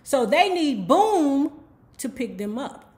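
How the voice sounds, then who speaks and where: A woman's voice: high voice, sing-song, slow pace, a little mellow. A woman casually retelling a novel's plot as a book club host, chatty and profane, with personal asides to the listener. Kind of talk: casual book recap storytelling.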